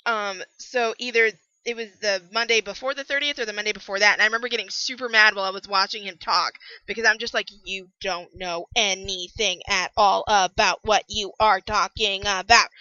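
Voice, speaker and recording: A young woman giving a ranting book review, animated and prone to bursts of yelling. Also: mid-range voice, fast talker, hardly any pauses, no echo, highs cut off.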